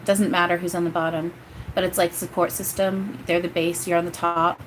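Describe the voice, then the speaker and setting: A woman's voice: fairly low pitch, flat delivery, normal speed, slight background noise. A woman giving a casual livestream channeling reading, chatty and rambling, often breaking into laughter. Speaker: psychic medium.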